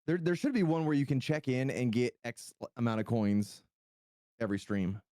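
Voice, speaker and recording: A game master chatting casually at a home streaming setup before a tabletop session, animated and self-deprecating, repeating words while fiddling with the setup. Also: mid-range voice, normal speed, dry recording, clean studio sound. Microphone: streaming mic through a mixer.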